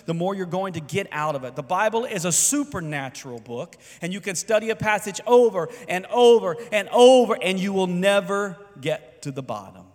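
A man, a pastor, preaching a conversational sermon and calling on the congregation to respond. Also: high voice. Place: church sanctuary. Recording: long reverb in a large hall.

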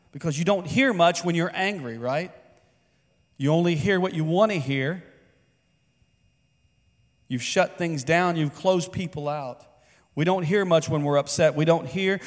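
A man preaching a sermon in a church, speaking conversationally and putting questions to the congregation. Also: a little high. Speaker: pastor. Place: church sanctuary. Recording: long reverb of a large hall.

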